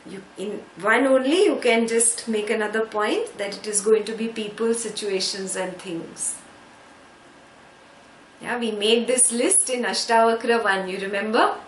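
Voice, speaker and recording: A woman teaching a scripture class, patiently explaining Sanskrit words and checking in with listeners. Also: on the high side. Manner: slow, patient, checks understanding with frequent "yeah?". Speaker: spiritual teacher. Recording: echoey room, faint background noise.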